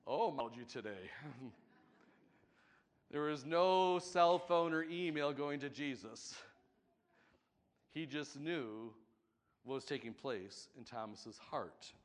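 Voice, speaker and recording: Slow-preaching man, higher voice. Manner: preaching with rising emphatic passages, leads congregation in repeating scripture. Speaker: pastor. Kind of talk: sermon.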